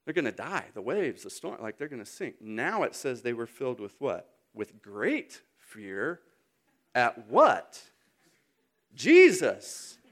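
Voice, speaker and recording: Man, thirties, sermon, animated storytelling, sudden loud bursts, middle pitch. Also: unhurried. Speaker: speaker.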